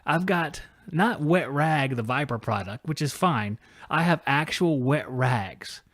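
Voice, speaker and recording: Man, podcast host, higher-pitched voice, dry close sound, casual rambling livestream chat. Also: animated, a little slow, fairly bright tone, dry recording. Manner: joking, rambling and self-deprecating.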